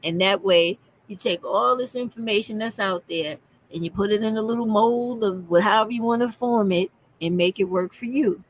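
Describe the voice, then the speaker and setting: A woman's voice: medium pitch, moderate pace, slight background noise. A woman commenting on a clip, emphatic and repetitive as she drives her points home. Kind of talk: reaction commentary.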